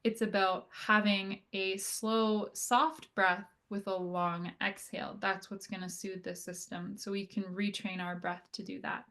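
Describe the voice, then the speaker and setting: A woman occupational therapist talks through a health lecture in an easygoing, conversational way, often checking in with "right?" and "like". Her pitch sits in the middle of the usual range for a woman. She slows her pace when she walks listeners through slow breathing. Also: little pitch movement, fairly bright tone. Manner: conversational, frequent "right?" and "like" fillers. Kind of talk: casual educational lecture.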